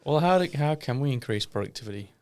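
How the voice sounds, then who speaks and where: A man with an Australian accent co-hosting a casual investing podcast, thinking aloud in halting phrases and chiming in with quick agreement. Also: mid-range voice, animated, a little mellow. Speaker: podcast co-host. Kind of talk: casual chat.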